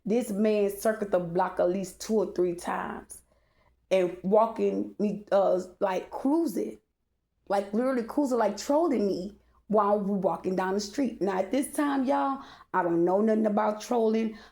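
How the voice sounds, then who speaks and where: A woman's voice: mid-range voice, measured pace, gravelly, mellow. A woman telling a casual storytime monologue, rambling with many fillers, speaking straight to her audience and swearing freely. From Texas.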